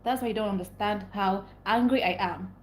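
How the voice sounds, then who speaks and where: A woman's voice: medium pitch, brisk, reverberant, a little hiss or hum. A young woman, venting angrily and repeating herself as she talks to her livestream viewers. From Nigeria. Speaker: livestream host. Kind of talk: casual live stream rant.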